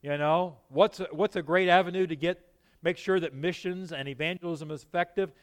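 A man preaching a sermon in an animated, emphatic way, often putting questions to his listeners. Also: on the high side, fairly quick.

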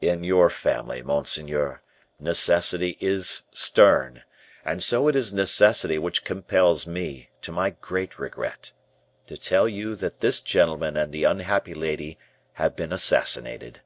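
A man reading the part of a calm, guarded male bishop who answers in slow, grave, measured replies. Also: low voice, dry recording.

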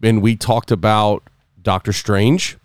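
A man's voice: fairly low pitch, slow, clean tone, no room sound. A man co-hosting a podcast in casual, joking chat, laying out the plan for the episode. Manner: animated, joking, plans the episode. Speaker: podcast co-host.

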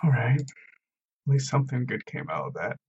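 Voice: mid-range voice, lively intonation, a little fast, dull audio, slight background noise. A tabletop game player describing a character's actions in a casual, hesitant way.

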